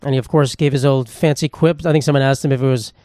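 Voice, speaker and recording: A man's voice: mid-range voice, fairly even intonation, quick pace, mellow, dry recording, studio quality. A young man, hosting a solo comedy podcast in a profane, sarcastic, rambling rant. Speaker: podcast host.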